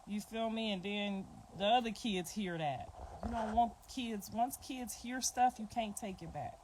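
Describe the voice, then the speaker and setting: A woman's voice: medium pitch, measured pace. A middle-aged woman chatting casually on a livestream, talking bluntly and repeating her points. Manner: blunt, repetitive, informal talk. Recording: clicking noise behind the voice.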